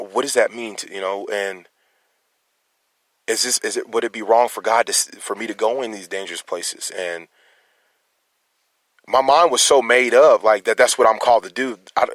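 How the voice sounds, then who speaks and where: In a raw, rambling monologue, this man stumbles over his words with stammering restarts and challenges his listeners. He speaks as a concerned citizen, and the emotional, personal talk comes through in a dry voice that sits on the low side and sounds a bit bright, on a dry recording.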